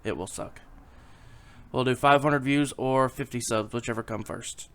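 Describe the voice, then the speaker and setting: A man's voice: mid-range voice, normal speed. A man casually telling a rambling, swearing joke to camera at home, with his daughter on his lap. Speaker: YouTube joke teller.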